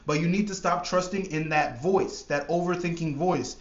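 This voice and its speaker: High-voiced man coaching with blunt emphasis. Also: moderate pace, hardly any pauses, a bit bright. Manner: emphatic, repetitive, swears casually. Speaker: trading coach. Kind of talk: motivational monologue. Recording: echoey room, slightly dull sound.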